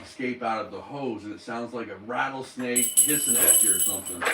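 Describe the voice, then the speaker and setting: A man's voice: medium pitch, a little fast. A man co-hosting a casual live-stream chat, enthusiastic, grateful and playful. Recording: echoey room, mic at a distance, clear background noise.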